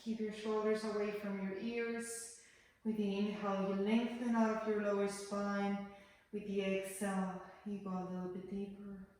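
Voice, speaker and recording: A woman teaching a yoga class, calmly cueing breath and movement in a gentle, guiding manner. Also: mid-range voice, normal speed. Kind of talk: guided yoga class instruction. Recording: echoey room, voice from far off the mic.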